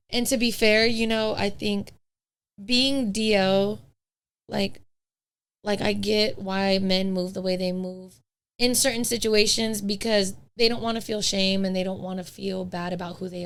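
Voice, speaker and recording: A woman's voice: mid-range voice, fairly even intonation, measured pace, clear, resonant tone. A young woman, a podcast guest, chatting casually and telling her dating stories in a blunt, candid way with some swearing. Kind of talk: casual chat.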